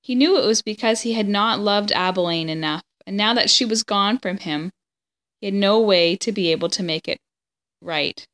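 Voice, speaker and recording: A woman reading a children's chapter book aloud at a medium pitch. Her storytelling is steady and even, chapter by chapter. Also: moderate pace. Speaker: story reader.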